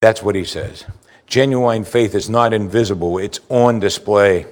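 A man preaching a sermon with emphatic delivery, swinging between loud stress and quiet asides. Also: lowish voice, measured pace. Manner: emphatic preaching, rising and falling in volume. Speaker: pastor.

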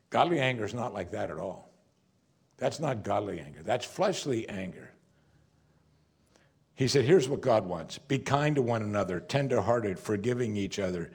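A man's voice: fairly low pitch, normal speed, creaky, pauses often, slightly rough. A man preaching a sermon in a church, asking his listeners direct questions. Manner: animated, questions the congregation directly.

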